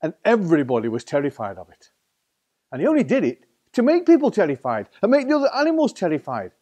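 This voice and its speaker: His voice on the high side with wildly swooping pitch, a man from England tells a children's story quickly and warmly. He speaks with a Staffordshire accent in a playful, theatrical storytelling style.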